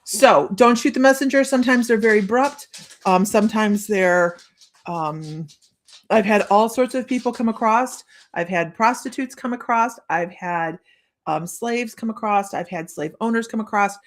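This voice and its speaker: In a live-streamed psychic reading, a middle-aged medium talks at a medium pitch. Her delivery is chatty and meandering, full of pauses and fresh starts.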